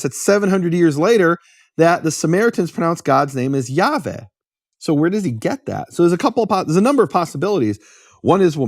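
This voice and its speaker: A man's voice: fairly high pitch, dry recording, clean studio sound. A man hosting a talk, explaining history in a lecturing way and answering his own rhetorical questions. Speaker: host explaining biblical history.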